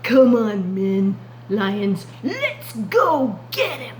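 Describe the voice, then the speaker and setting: A woman's voice: a little high, sing-song, background noise, exaggerated voice. A woman voicing a pack of hungry, boastful male lions in a children's Bible story, drawing out her words greedily. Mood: greedy. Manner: greedy, gloating, drawn-out.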